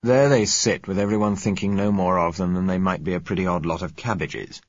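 An earnest, lecturing man presses his theory point by point, read by a man in his own low voice. The voice is husky and dry, with no room sound around it. The recording is dull and lo-fi. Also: steady tone, brisk, no room sound. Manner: argumentative, lecturing. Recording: muffled lo-fi recording.

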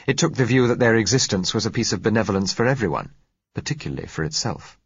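A man narrating an audiobook in a measured, reflective way. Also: fairly low pitch, very animated, gravelly, husky. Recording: muffled lo-fi recording.

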